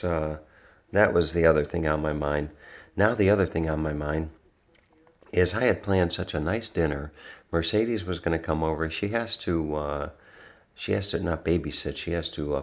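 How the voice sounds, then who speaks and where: Gravelly deep-voiced man telling a story. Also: moderate pace. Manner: rambling, many restarts and fillers; earnest, reflective. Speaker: vlogger. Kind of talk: casual storytelling monologue.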